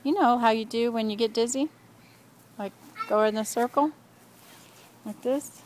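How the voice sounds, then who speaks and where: An older woman, a grandmother, with a fairly high voice, cheering children on as they play. She praises them readily and laughs easily. The home video is taken outdoors, with a light noise underneath. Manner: encouraging, quick to laugh. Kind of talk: playful chat with children. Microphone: home video camera.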